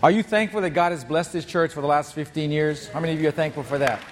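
Animated male pastor in a reverberant church. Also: fairly high pitch, fast, a faint crowd. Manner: animated storytelling, acts out voices. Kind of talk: sermon. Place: church hall. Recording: long hall reverb, faint noise.

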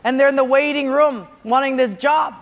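Earnest pastor, echoing hall. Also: male voice, very high-pitched, normal speed. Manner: earnest, storytelling. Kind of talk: sermon with a joke. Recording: long hall reverb.

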